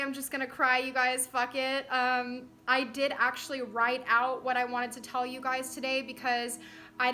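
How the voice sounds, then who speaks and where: A young woman hosting a spiritual channel, speaking earnestly and slowly to her viewers, near tears and emotional. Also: on the high side, sharp tone. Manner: tearful, earnest, on the verge of crying; heartfelt, slow, with frequent "you guys". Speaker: spiritual channel host, oracle reader.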